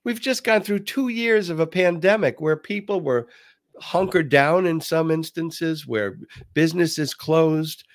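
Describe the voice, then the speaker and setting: A man hosting a talk show, giving casual political commentary with a swooping, animated delivery and frequent restarts. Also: on the high side, measured pace, dry recording.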